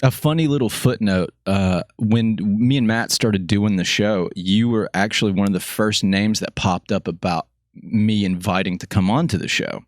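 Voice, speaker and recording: A man's voice: lowish voice, moderate pace, no echo, clean studio sound. A man hosting a casual podcast chat, talking loosely with lots of fillers. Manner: loose, rambling, many fillers. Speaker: podcast host.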